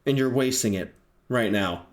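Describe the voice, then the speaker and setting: A man's voice: mid-range voice, moderate pace, natural voice. A man voicing the Veil Walker, a brusque, businesslike man.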